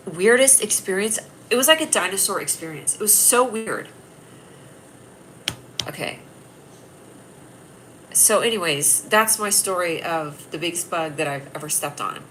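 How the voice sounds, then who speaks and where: A woman's voice: on the low side, sharp tone, slight background noise, poor audio. A woman hosting a casual livestream, rambling and teasing her viewers, with a stuffy nasal voice. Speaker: livestream host.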